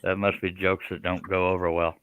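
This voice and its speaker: A man's voice: deep voice, completely flat delivery, fairly quick, a bit bright, poor audio. A man with a Texan accent hosting a live stream, joking and laughing often. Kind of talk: casual chat on a live stream.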